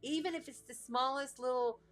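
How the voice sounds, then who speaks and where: A woman's voice: sits high, moderate pace, faint music behind. Chatty Texan woman reading cards. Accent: Texas twang. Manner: chatty, encouraging, playful asides. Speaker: astrologer and card reader. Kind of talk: casual card reading for viewers.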